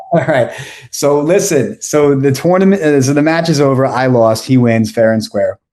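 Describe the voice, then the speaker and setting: A man's voice: mid-range voice, moderate pace. Man in his forties telling a story. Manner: rambling, self-correcting, animated anecdotes. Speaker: podcast guest. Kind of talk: casual storytelling.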